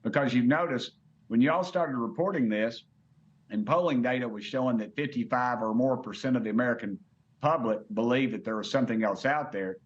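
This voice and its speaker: A man's voice: medium pitch, a little fast, muffled recording. A congressman, talking folksy and blunt in a news interview, often repeating his words.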